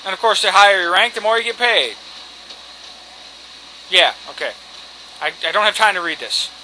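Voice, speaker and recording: Joking, high-voiced gameplay commentator. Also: male voice, animated, moderate pace, bright, forceful tone, slight background noise, poor audio. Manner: cocky, joking, swears casually. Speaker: let's play commentator. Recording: game music behind.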